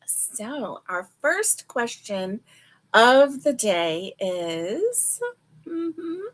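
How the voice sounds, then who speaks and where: Slow, chatty woman crochet streamer. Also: on the high side, sing-song. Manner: chatty and rambling, with many fillers; talks to viewers directly. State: yawning, a little sleepy. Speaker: crochet livestream host. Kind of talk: casual livestream chat.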